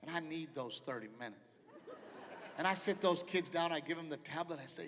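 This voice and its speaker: A middle-aged man working a live stand-up set, brash and profane, voicing the people in his stories as he goes. His voice sits high for a man. It rings through a big hall with long reverb and the clear noise of the crowd. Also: fairly quick, fairly bright tone. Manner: brash, profane storytelling with acted-out quotes. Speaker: stand-up comedian. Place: large theater stage with a live audience.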